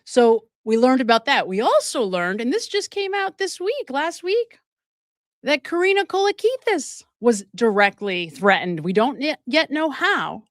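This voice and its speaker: Animated woman host, laughing as she talks. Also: sits high, measured pace, dry recording, studio quality. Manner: animated and emphatic, laughing often mid-sentence; talks straight to viewers with many asides. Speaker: livestream host. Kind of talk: live-stream true crime commentary.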